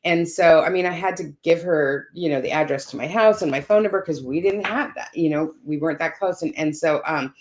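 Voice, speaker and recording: A woman's voice: low voice, a little fast, few pauses. A woman telling a personal caregiving story in conversation, checking in often with "you know" and "right?". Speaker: caregiver sharing her story.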